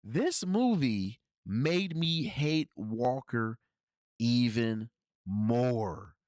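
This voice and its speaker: A man's voice: medium pitch, lively intonation, extremely slow, darkish tone, no echo, studio quality. A man hosting a casual film review podcast, talking in a slangy, rambling way with lots of restarts. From Cincinnati area, United States. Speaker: podcast host reviewing films.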